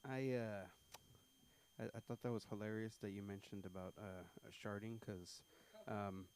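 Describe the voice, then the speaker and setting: A man's voice: fairly low pitch, steady tone, a little mellow, slight background noise. A man doing stand-up at an open mic, telling stories with lots of ums and uhs. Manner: halting, filler-heavy storytelling. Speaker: stand-up comedian. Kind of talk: stand-up comedy. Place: small comedy club stage.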